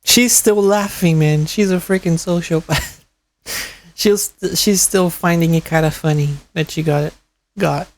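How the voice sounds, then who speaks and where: A man's voice: on the high side, fairly even intonation, measured pace. A man, streaming and chatting casually, telling stories with frequent laughs and swearing. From Brazil. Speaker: streamer reacting to a video. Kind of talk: casual chat.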